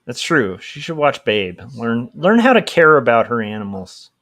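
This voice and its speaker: A man's voice: mid-range voice, big pitch swings, moderate pace, fairly bright tone. A young man chatting casually and rambling with lots of fillers while he draws on a livestream. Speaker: livestreaming comic artist.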